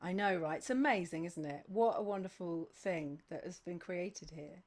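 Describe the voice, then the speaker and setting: A woman's voice: lowish voice, normal speed. A woman hosting a sing-along livestream, chatting casually, gushing with thanks and reading out viewers' names one after another.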